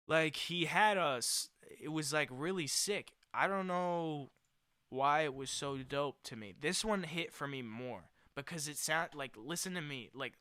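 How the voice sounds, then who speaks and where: Excitable young man with a bright voice. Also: fairly high pitch, clean tone, no room sound, studio quality. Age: young adult. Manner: excitable, slangy, quick swings in loudness. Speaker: vlogger. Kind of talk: casual chat.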